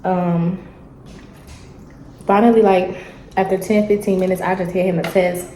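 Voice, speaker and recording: A young woman, telling a story in a casual, animated vlog chat and acting out the dialogue. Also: on the low side, unhurried, echoey room, a little hiss or hum, poor audio. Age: young adult. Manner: animated, chatty, acts out dialogue. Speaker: vlogger. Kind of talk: casual storytelling while eating.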